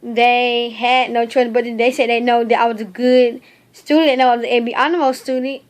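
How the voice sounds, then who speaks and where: A young woman records a personal video diary. Her voice sits a little high, and she talks in a halting, heartfelt way, pausing often on fillers. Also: steady tone. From North Carolina, United States. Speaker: video diarist.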